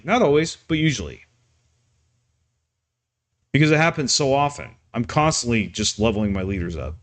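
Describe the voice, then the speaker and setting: A man talking off the cuff on his live stream, ranting and yelling at times, with many restarts and fillers. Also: mid-range voice, expressive, moderate pace, long pauses.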